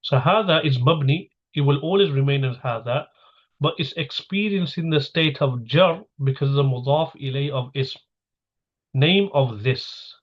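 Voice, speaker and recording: A man's voice: a little high, dull audio. A man teaching a grammar lesson, patiently breaking each sentence down step by step and repeating key terms.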